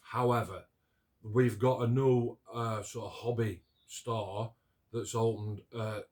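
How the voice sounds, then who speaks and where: A man's voice: fairly low pitch, flat delivery, slow pace, a little mellow. A man with a Barnsley Yorkshire accent chatting casually about building scale models, rambling along with frequent restarts and broad local grammar. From England. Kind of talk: casual chat.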